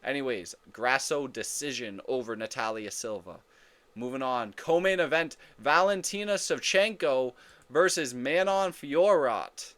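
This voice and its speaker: Excitable, profane man picking fights. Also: mid-range voice, unhurried. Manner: excitable, profane, repeats and corrects himself. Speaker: MMA fight predictions host. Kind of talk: casual fight breakdown commentary.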